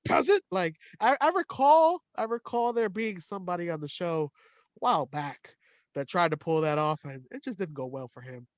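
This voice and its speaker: A man co-hosting a wrestling podcast in casual chat, excitable, laughing often and stumbling over restarts. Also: high voice, normal speed, dry recording. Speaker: podcast co-host.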